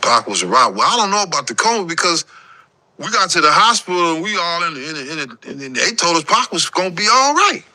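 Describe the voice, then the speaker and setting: A man's voice: on the high side, very animated, fast talker, sharp tone. A man as a guest in a casual interview, telling his story in emphatic street slang.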